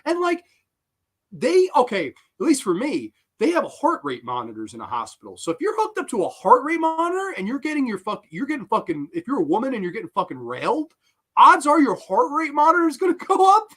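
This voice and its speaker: A man's voice: high voice, wildly swooping pitch, brisk, fairly bright tone, husky. A young man giving rambling, profane live commentary on a horror film and breaking into giggling fits.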